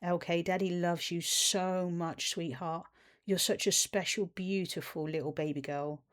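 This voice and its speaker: A woman speaking as a loving parent figure to her inner child, slow and soothing. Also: on the low side, fairly even intonation, lightly acted. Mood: tender. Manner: tender, soothing, slow reassurance. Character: gentle loving parent voice, calling itself Daddy.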